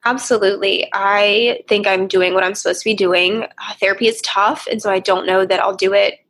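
Earnest young woman with a gravelly, husky voice. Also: mid-range voice, steady tone, brisk, fairly bright tone. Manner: earnest, reflective, sometimes emotional. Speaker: therapist guest. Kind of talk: candid interview conversation.

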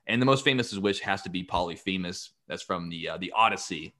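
A man's voice: deep voice, quick pace, pushed and bright. A man hosting a podcast, retelling myths in a jokey, rambling casual way. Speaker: podcast host. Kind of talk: casual storytelling.

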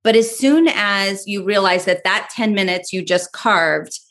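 A woman's voice: medium pitch, measured pace, fairly bright tone. A woman in her forties, a podcast guest, telling a parenting story in casual chat and acting out her own thoughts.

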